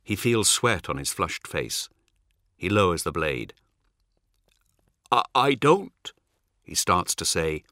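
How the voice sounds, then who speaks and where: Deep, slow male audiobook narrator. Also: animated, sharp tone, dry recording, clean studio sound. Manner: measured, dramatic reading. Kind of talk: scripted narration.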